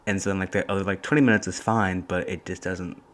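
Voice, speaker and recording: A young man hosting a casual solo podcast from a college dorm room, talking in a soft, hushed voice and rambling through stories. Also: low voice, fairly even intonation, quick pace. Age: young adult. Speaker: podcast host.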